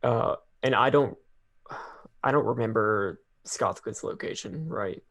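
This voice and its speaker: A man player in a tabletop game speaks at a middling pitch with a gravelly, fry-laden voice. He talks in a brisk, matter-of-fact way. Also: fairly bright tone. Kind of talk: casual tabletop play.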